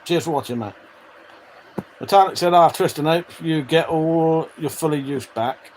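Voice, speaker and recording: A man's voice: a little high, moderate pace, a little hiss or hum, low-quality recording. A man hosting a casual live stream, reading out chat messages, swearing freely and chuckling between remarks. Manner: chatty, swears freely, laughs often. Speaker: livestream host reading chat.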